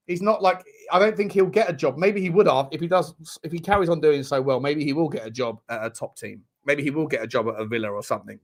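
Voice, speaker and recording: This livestream host, a man with a higher-pitched voice, watches football along with viewers and reacts to the chat, excitable, swearing, and breaking into laughs.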